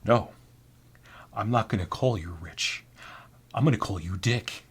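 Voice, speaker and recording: A man's voice: on the low side, unhurried, husky. A man voicing a wild, crude young male warehouse coworker who talks in a brash, mocking way. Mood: insistent.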